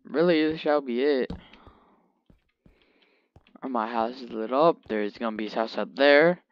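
A man's voice: medium pitch, slow, no room sound. Guy rambling over his game, jokes at his pet, lo-fi muffled mic, dead dry room. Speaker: gamer. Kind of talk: casual gameplay commentary. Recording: dull lo-fi mic.

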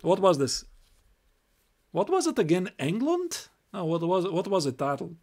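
A man's voice: sits high, huge pitch swings, moderate pace, darkish tone. A young Latvian man with a Latvian accent giving a chatty live-stream chess lesson, reading moves aloud and repeating himself.

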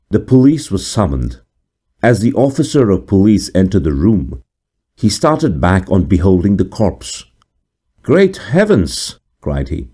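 A man reads a classic horror tale aloud with deliberate, dramatic pacing. His voice is deep and mellow, and it moves expressively through a wide pitch range. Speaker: narrator. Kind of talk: scripted horror story narration.

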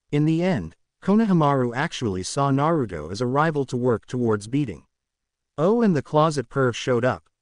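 A male narrator reading a fan story in a plain storytelling manner. His pitch rises and falls in a lively way, and the recording sounds close and dry. His voice sits at a middle pitch. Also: no room sound. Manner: straightforward storytelling.

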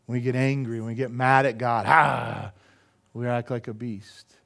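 A man's voice: medium pitch, flat delivery, a little fast. A middle-aged man preaching a sermon as pastor, emphatic and full of rhetorical questions to the congregation.

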